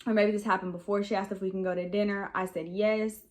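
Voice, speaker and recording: A woman's voice: mid-range voice, level tone, fast talker, darkish tone. A young adult woman telling a personal story in a casual vlog, rambling and frank with many "um"s and "like"s. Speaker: vlogger.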